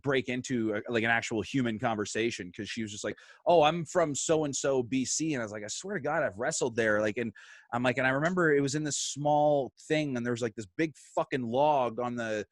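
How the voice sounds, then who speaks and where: Animated, swearing storyteller man. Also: mid-range voice, a little fast, no room sound, studio quality. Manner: animated, swearing, acts out quotes. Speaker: podcast guest. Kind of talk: casual storytelling.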